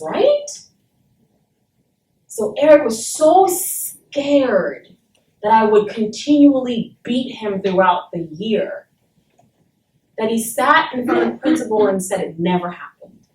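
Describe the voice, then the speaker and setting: A woman's voice: fairly high pitch, darkish tone. A woman from Saint Thomas in the Virgin Islands, speaking to a university class and telling a personal story in a blunt, emphatic way, with frequent swearing. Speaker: guest speaker. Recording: roomy and distant, faint background noise.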